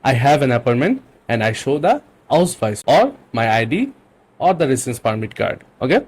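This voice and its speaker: Husky, lively man teaching phrases. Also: mid-range voice. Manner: explains patiently, repeats phrases slowly. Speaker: language teacher. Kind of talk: teaching German to English speakers.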